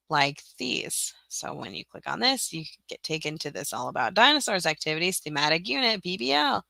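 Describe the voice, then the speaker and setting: A woman's voice: lowish voice, gravelly, pushed and bright, dry recording. A woman giving a casual screen-share tutorial, chatty and scattered, with frequent ums, self-corrections and muttered asides. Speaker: teacher-seller running a tutorial livestream.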